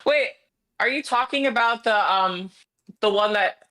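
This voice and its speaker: A woman's voice: mid-range voice, a little slow, sharp tone. A woman calling in to a stream, defending herself in a heated argument, exasperated and swearing often. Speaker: interviewed guest on a call-in stream. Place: remote call-in.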